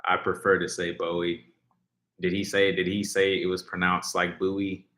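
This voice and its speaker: A man hosts a casual livestream reacting to music, reading viewer comments and chatting in a rambling way full of fillers and restarts. His low voice is bright and forceful yet completely flat, fairly quick, and carries a roomy echo.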